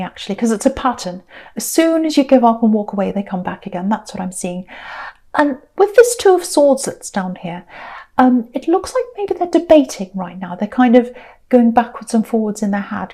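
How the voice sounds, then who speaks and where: A woman's voice: a little high, warm tone. A woman giving a casual tarot reading, chatty and searching, often repeating herself as she works out the cards. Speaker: tarot reader.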